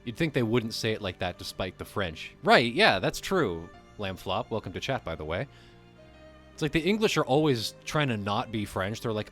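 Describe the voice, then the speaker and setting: Lively streamer reading aloud, joking. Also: male voice, lowish voice, moderate pace, soft background music. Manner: animated, joking asides, swears casually. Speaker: livestream host. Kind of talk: reading aloud with commentary to chat.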